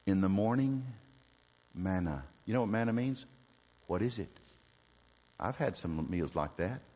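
A man preaching a sermon as a Baptist preacher, telling the story with animated questions to the congregation. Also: low-pitched, a little slow, in a large hall.

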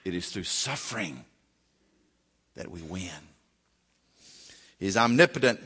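A male pastor preaching a sermon, swinging dramatically from shouting to near whisper. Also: sits low, lively intonation, measured pace, husky, long reverb tail.

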